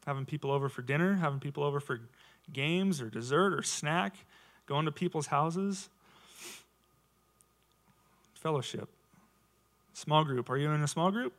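A man's voice: on the high side, normal speed, long pauses. A man in his thirties giving a casual, conversational sermon to his church, full of rhetorical questions. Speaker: lay preacher.

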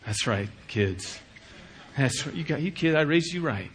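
A middle-aged pastor delivers a lively sermon, slipping into short acted-out exchanges as he speaks. His voice is bright and forceful, pitched a little high for a man. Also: a little slow, breathy edge. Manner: animated, acts out dialogues with shifting voice.

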